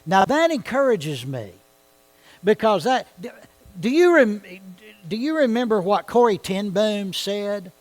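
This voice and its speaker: A man's voice: high-pitched, big pitch swings, measured pace, rough recording. Man teaching a church Bible study. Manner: conversational, asks the audience questions.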